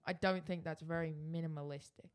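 A man's voice: on the high side, steady tone, a little fast, clear, resonant tone. A man co-hosting a podcast in a playful, teasing way. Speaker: podcast co-host. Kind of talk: casual podcast chat.

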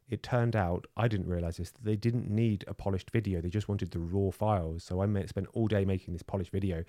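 Fast-talking man telling animated stories. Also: low-pitched, no room sound, studio quality. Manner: animated storyteller, acts out quoted voices. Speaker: podcast co-host. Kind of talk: casual chat.

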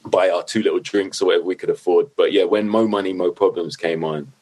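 A middle-aged man, telling stories as a guest in a loose, animated way, swearing freely and leaning on "like" and "you know what I mean". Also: deep voice, quick pace, husky. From London. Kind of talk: casual storytelling.

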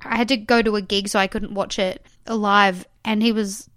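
A woman's voice: mid-range voice, little pitch movement, normal speed, a bit bright, no echo, clean studio sound. A young Australian woman co-hosting a podcast in a room at home, chatting casually and teasingly, giggling often and rambling with fillers. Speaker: podcast co-host. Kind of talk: casual chat. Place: room in a house.

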